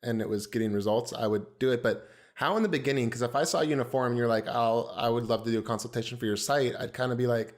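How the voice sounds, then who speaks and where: A man's voice: mid-range voice, quick pace. A man co-hosting a design podcast, chatting casually with a curious, filler-heavy way of talking. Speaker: podcast co-host.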